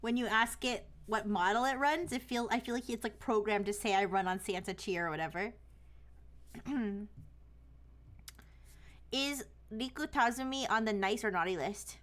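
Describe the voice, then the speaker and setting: High, bright-voiced young woman streamer. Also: normal speed. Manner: chatty, lots of "like" fillers. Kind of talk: casual chat.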